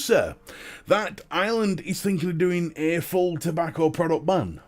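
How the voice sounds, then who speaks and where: Northern English male host, lively chatty live-stream delivery, slightly high pitch, quiet music underneath. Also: moderate pace. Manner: chatty, animated, laughs often. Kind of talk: casual live-stream chat, greeting chat viewers.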